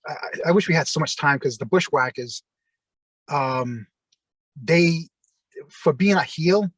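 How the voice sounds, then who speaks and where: Man, middle-aged, former wrestler, anecdotal rambling, mimics quoted people, fairly high voice, video call. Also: slightly rough, no echo, rough recording. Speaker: interview guest, former pro wrestler. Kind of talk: casual anecdotal storytelling.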